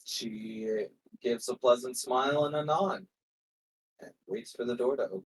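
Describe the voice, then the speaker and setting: A man playing a tabletop role-playing game, talking hesitantly with many pauses and fillers. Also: medium pitch, poor audio. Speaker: player. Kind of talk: tabletop game play, casual.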